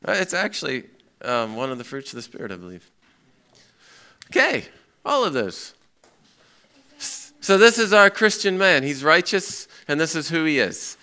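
A man leading a Bible class, bright and clear, his voice sitting a little high for a man. He tells a story with lots of energy and keeps turning to his listeners with questions. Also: normal speed, long pauses. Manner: lively, asks the audience questions, acts out a story. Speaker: pastor teaching a Bible class. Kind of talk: interactive sermon with storytelling.

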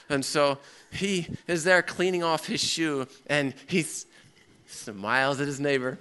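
Bright-voiced pastor telling a story. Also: male voice, on the high side, a little slow, clean tone. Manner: lively, asks the audience questions, acts out a story. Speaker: pastor teaching a Bible class. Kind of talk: interactive sermon with storytelling.

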